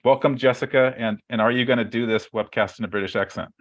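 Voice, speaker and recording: A man's voice: mid-range voice, steady tone, quick pace, dull audio. A man hosting a writing webcast over a video call, talking in a chatty, rambling way with many fillers and restarts. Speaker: webcast host. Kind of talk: casual webcast introduction.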